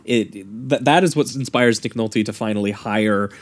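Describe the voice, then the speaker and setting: A man's voice: lowish voice, normal speed. Man breaking down film scenes. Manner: detailed, analytical retelling of scenes. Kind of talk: casual film discussion.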